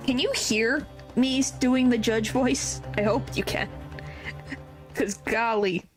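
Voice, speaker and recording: Bubbly woman streamer, bright-ish voice, game music underneath, casual asides. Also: on the high side, slow. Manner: giggly, chatty asides to viewers. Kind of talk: game playthrough with character voices.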